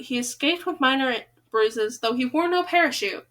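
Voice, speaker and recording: A woman's voice: high-pitched, lively intonation, moderate pace, a bit bright. A woman hosting a podcast, reading humorous children's poems aloud with chatty asides between them and stumbling over tongue twisters.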